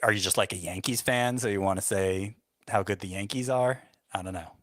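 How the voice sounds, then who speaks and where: A man's voice: fairly low pitch, a little fast, fairly bright tone, no echo, studio quality. A man co-hosting a sports podcast in casual chat, making wry, understated remarks. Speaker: fantasy baseball podcast co-host.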